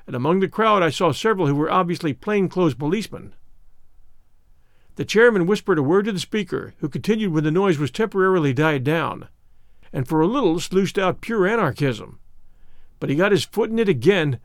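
A man narrating an audiobook in a measured storytelling way. His voice sits somewhat high for a man. The recording is dry and close, with no room sound. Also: no echo.

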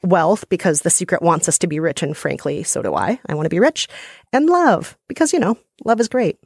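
A woman's voice: lowish voice, animated, a little fast, gravelly, breathy edge, no room sound, studio quality. Playful self-mocking woman co-host. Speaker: podcast co-host. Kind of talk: casual chat.

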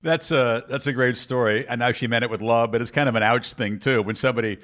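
A man's voice: mid-range voice, fairly even intonation, quick pace, fairly bright tone. A man interviewing a guest, enthusiastic, asking long reflective questions. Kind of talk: casual interview talk.

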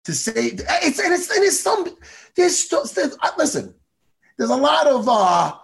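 A man co-hosting a casual chat show, ranting excitably and swearing a lot. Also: extremely high pitch, measured pace, vocal fry. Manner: animated profane ranting, excitable. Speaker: podcast co-host.

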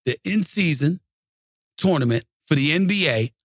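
A middle-aged man hosting a sports commentary show, ranting heatedly and swinging from low grumbling to high shouting. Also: lively intonation, normal speed, no echo, clean studio sound. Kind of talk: animated sports rant.

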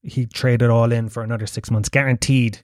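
A man's voice: medium pitch, little pitch movement, moderate pace, a little mellow, no echo, clean studio sound. A man hosting his podcast, delivering a rambling, profane monologue and laughing at his own jokes. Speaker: podcast host. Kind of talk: casual ranting monologue.

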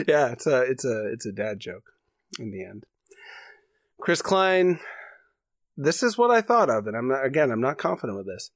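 A man co-hosting a podcast riffs through an improvised comedy story, laughing as he goes. His pitch swings widely and the sound is dry and close. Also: normal speed, pauses often, no room sound. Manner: rambling, laughing, animated. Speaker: podcast co-host.

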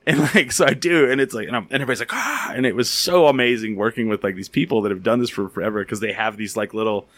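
A man hosting a podcast, telling stories in a casual, animated, rambling way with a lot of filler words. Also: on the low side, very fast. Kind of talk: casual storytelling and interviewing.

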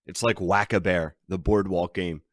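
A man's voice: sits low, fairly even intonation, moderate pace, no room sound, clean studio sound. A man hosting a sports betting podcast, ranting and emphatic as he talks through his team's troubles. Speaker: podcast host.

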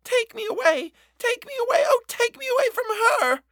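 A man voicing a sulky, hard little girl in an audiobook reading, with a high, shrill voice. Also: big pitch swings, normal speed, creaky, pushed and bright, no echo, clean studio sound, heavily acted. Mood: wailing.

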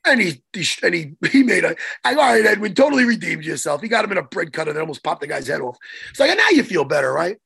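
A man co-hosting a chat show, telling a story in an excitable, profane way with lots of restarts. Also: high voice, fast talker, gravelly, breathy edge. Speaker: podcast co-host and martial arts coach. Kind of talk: casual chat, animated storytelling.

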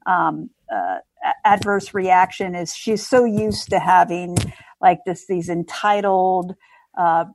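A woman's voice: on the low side, slow pace, a little mellow, a little hiss or hum. Hesitant woman, podcast guest. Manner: hesitant, full of fillers and restarts. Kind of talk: casual chat.

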